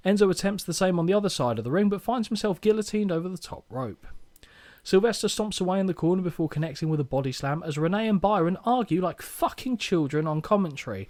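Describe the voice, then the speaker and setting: Young man, podcast co-host, slightly high voice, lively swings in pitch, playful recap. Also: quick pace. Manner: joking, playful match recap. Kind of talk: casual chat reading a match recap.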